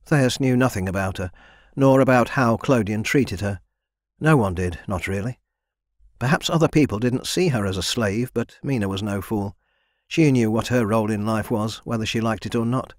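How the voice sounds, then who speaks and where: A man reading a young adult fantasy audiobook in an even, measured scripted narration. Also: on the low side, dry recording, clean studio sound.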